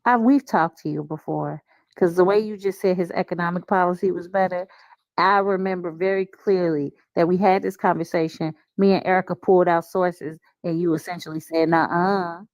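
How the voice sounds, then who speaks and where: A woman's voice: fairly low pitch, fairly even intonation, fairly quick, darkish tone, no room sound, low-quality recording. A woman hosting a live debate panel, talking in a blunt, challenging way. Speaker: live stream panel host. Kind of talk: casual debate chat.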